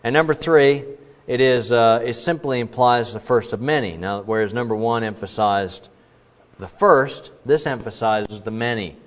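A man's voice: medium pitch, moderate pace. Emphatic man preaching in a hall. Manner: emphatic, with many restarts and asides. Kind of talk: sermon. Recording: muffled, with long reverb in a large hall.

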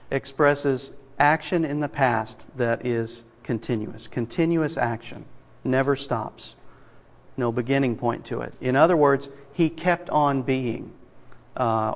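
Preacher in a reverberant hall. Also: male voice, mid-range voice. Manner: emphatic, stresses single words, reads scripture aloud. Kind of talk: expository sermon. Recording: long reverb of a large hall.

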